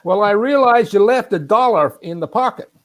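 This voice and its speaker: A man voicing a loud, kindly older man who is hard of hearing and talks in a raised voice. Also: sits high, expressive, moderate pace, voice pushed up. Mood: insistent. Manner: speaks loudly, friendly and cheeky.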